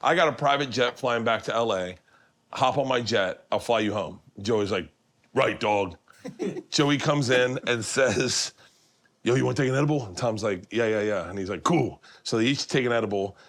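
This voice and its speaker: Middle-aged man, host, animated storyteller, shifts into high excited voices for quotes. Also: moderate pace. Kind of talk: storytelling in casual chat. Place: home kitchen.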